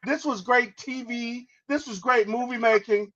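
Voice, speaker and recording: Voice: medium pitch, a little slow, a bit bright, highs cut off. A podcast host reviewing a movie, enthusiastic, laughing often and trailing off in restarts.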